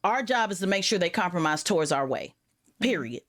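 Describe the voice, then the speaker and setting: A woman guest on a panel discussion, speaking bluntly and emphatically and mocking others in quick impressions. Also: lowish voice, expressive.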